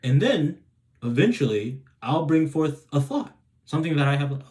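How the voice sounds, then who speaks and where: A man's voice: mid-range voice, animated, brisk, darkish tone. Man giving rambling advice, tagging "right?". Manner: rambling, restarts sentences, keeps adding "right?". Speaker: self-help video host. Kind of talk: casual advice monologue.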